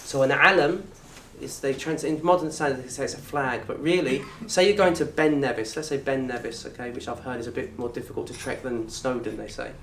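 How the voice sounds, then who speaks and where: A man with a southern English accent teaching an Arabic course in a lecture room. He talks in a lively way, quizzes the audience and acts out little scenes. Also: medium pitch, fairly quick, hardly any pauses, a little hiss or hum. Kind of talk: lecture to an open day audience. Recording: roomy echo from a distant mic.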